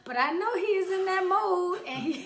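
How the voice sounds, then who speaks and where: Woman, high voice, host, animated playful storytelling, roomy echo. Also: moderate pace, a crowd in the background. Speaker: radio show host. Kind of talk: casual chat.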